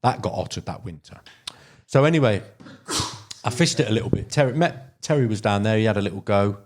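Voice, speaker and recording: A podcast guest from Derbyshire, England, who fishes for carp, relates long, rambling angling stories in an easygoing chat full of restarts and fillers. His pitch is fairly low, his delivery expressive and a little fast.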